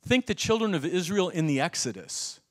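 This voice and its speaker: A man preaching a sermon as pastor, with a lively, humorous delivery full of asides. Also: sits high, normal speed. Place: church sanctuary.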